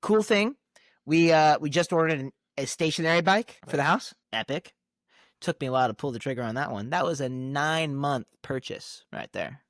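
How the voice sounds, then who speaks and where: A man's voice: a little high, moderate pace, no echo, clean studio sound. A man co-hosting a casual podcast conversation, telling stories animatedly, acting out the dialogue and laughing often. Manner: animated storyteller who acts out quoted dialogue and laughs often. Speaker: podcast co-host.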